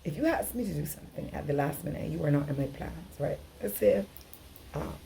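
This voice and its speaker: A woman's voice: sits low, animated, a little fast, creaky, warm tone, a little hiss or hum. A middle-aged woman giving an earnest, emphatic relationship workshop talk, often acting out dialogue. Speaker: relationship coach.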